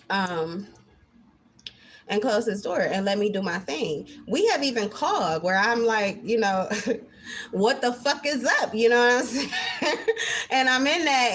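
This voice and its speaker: A woman's voice: fairly high pitch, a bit bright. Emphatic, foul-mouthed woman card reader. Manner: emphatic and heavily profane, swinging between intense and laughing. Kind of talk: casual spiritual monologue to camera.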